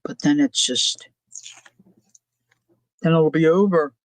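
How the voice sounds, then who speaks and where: A woman hosts a crafting livestream, chatting casually, thinking aloud and answering viewer comments as she works. Her voice sits low and she speaks slowly; the recording is low-quality with no room sound.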